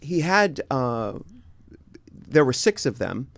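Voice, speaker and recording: A man's voice: medium pitch, sing-song, no echo. Meandering middle-aged man, guest, dry sound. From United States. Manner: meandering, many pauses to find words. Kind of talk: casual chat.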